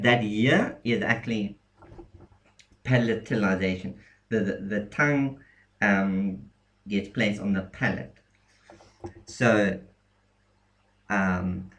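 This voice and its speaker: Guy walking thru letters slowly, lowish voice, lots of ums. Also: fairly bright tone. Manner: halting, many ums and restarts. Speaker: language teacher. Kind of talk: casual screen-share lesson.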